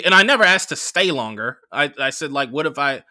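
Bright, punchy man telling a story. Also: fairly high pitch, moderate pace, no room sound, clean studio sound. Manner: animated retelling with profanity and quoted dialogue. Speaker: podcast host. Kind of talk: casual storytelling monologue.

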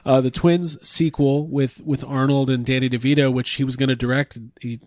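A man's voice: mid-range voice, level tone, moderate pace, darkish tone, dry recording. A man hosting a podcast, enthusiastic and swearing freely while telling stories in casual chat.

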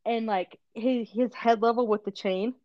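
A woman co-hosting a parenting podcast, telling a lively story in casual chat, acting out quotes and laughing often. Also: a little high, normal speed, no room sound, lo-fi sound. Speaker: podcast co-host, mother.

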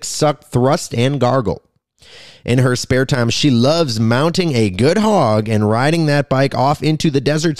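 A man hosting a comedy podcast, ranting in a crude, profane, rambling way with sudden loud outbursts. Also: mid-range voice, no room sound, clean studio sound. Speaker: podcast host.

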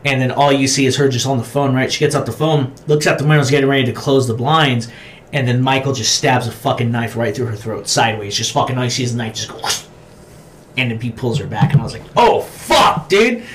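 A man's voice: medium pitch, fast talker. Guy on a podcast ranting about horror flicks, cusses constantly, acts out the screams, faint hiss behind. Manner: profane, animated storytelling with acted-out shouts. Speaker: podcast co-host. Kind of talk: casual chat about horror movies.

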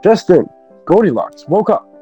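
A man's voice: high voice, sing-song, moderate pace, dark tone, muffled recording, faint music behind. A young man co-hosting a casual podcast, reading a bedtime story in a playful, joking way.

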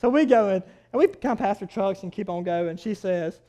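High-voiced man preaching. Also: a little fast. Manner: animated, swings between loud outbursts and quiet asides. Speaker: pastor. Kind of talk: storytelling sermon.

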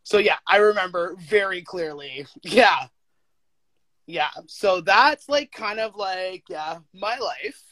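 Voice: mid-range voice, no echo. Young adult interviewee, casual and emphatic, filler-heavy, dry close mic. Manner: emphatic, animated, full of "like" fillers and quick laughs. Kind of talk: casual conversation.

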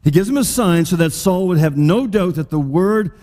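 A man preaching a sermon as pastor, talking conversationally and slowing down to stress the scripture he quotes. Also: sits high, expressive, dark tone. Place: church hall. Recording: long reverb of a large hall.

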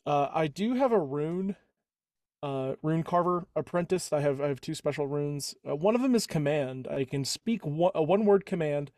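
A man's voice: fairly high pitch, lively intonation, normal speed, darkish tone, dry recording, clean studio sound. A man playing a tabletop game, rambling and correcting himself as he thinks aloud. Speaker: player. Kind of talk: casual tabletop game chat.

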